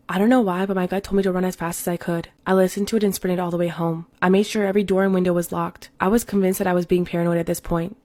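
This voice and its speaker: A woman reading a first-person story aloud in an even, steady way. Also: fairly low pitch. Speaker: narrator. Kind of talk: read-aloud story narration.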